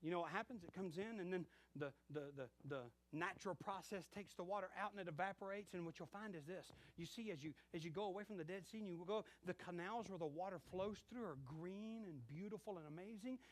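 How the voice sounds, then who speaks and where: A man's voice: sits high, fast talker, hardly any pauses. A middle-aged male pastor preaching a sermon, telling stories and acting out bits of dialogue. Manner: animated storytelling with acted-out dialogue.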